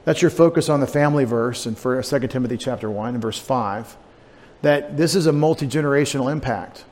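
A man's voice: mid-range voice, a little fast, a little mellow. Guy preaching a sunday sermon, chatty and rambling, church echo and faint hum behind. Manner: conversational, digressive, with fillers and asides. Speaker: pastor. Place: church sanctuary. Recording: long church reverb, faint room noise.

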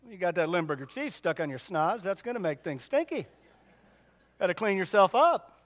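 A man's voice: sits high, sing-song, moderate pace, fairly bright tone, in a large hall. A man preaching a sermon in a church, folksy and emphatic, repeating his points for weight.

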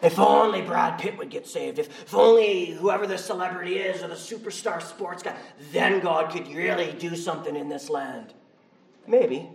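A male pastor preaching a sermon in a church, conversational and animated. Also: sits high, normal speed, creaky. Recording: roomy, from far off the mic.

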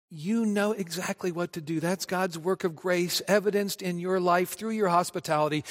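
A male pastor preaching a sermon, conversational and animated, speaking directly to his congregation in a church. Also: high voice, big-room sound.

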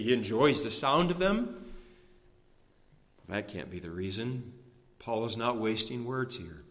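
A man preaching a sermon to his congregation, measured and emphatic, slowing down to stress key phrases. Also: medium pitch, fairly bright tone. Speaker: pastor. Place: church sanctuary. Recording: long reverb of a church hall.

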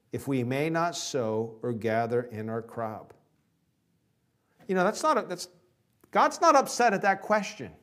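A man preaching a sermon to his congregation, asking questions and moving between loud emphasis and quiet asides. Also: medium pitch. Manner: preaching with rhetorical questions, swinging from loud to hushed. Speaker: pastor.

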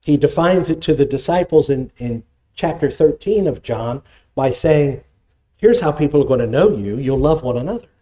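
A man preaching a sermon, with animated delivery and scripture quotations. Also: moderate pace. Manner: animated preaching, dramatic pitch swings, reads scripture quotes. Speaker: pastor.

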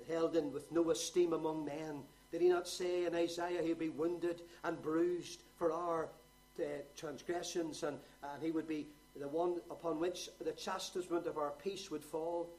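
A man preaching a sermon, moving from quiet explanation to loud, rising exhortation. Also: a little high, poor audio.

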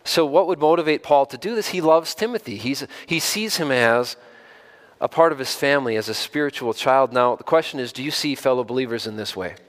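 A pastor with a mid-range, slightly bright voice preaches fairly quickly in a conversational style. He often repeats words and asks his listeners direct questions before building to emphatic stresses.

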